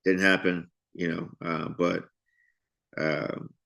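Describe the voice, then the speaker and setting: A man teaches a Bible study in a loose, conversational way. He reads study notes aloud, then breaks into lively asides that act out the characters. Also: deep voice, slow pace, creaky. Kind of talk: casual Bible study commentary.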